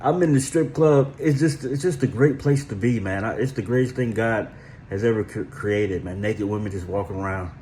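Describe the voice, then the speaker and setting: A man chatting casually and joking in a relaxed way. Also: lowish voice, moderate pace, a little hiss or hum. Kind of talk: casual chat.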